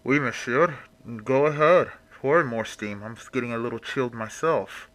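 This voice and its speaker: A man's voice: medium pitch, normal speed, a bit bright, dry recording, natural voice. A man voicing a menacing masked phantom who speaks muffled, with icy politeness.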